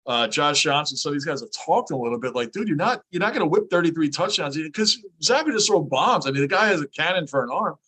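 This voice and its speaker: A man's voice: a little high, husky. A man co-hosting a podcast, chatting casually about sports and acting out coaches' quotes. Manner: animated, acts out coaches' quotes. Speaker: podcast co-host.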